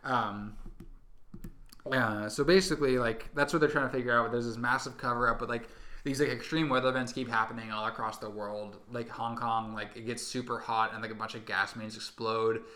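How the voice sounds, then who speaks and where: A young man chats loosely about a movie he loved, rambling and stuffing his talk with fillers. His voice is bright and forward. The room around him rings and echoes. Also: medium pitch, steady tone, fairly quick. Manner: rambling, heavy on "like", acts out scenes in silly voices. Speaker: podcast co-host. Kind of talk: casual movie review chat.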